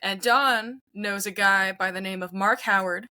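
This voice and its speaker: A young woman in her late teens talks as a musician guest, her voice bright and forward at a middle pitch. She tells her story in a chatty way, restarting sentences as she goes. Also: a little slow. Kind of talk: interview conversation.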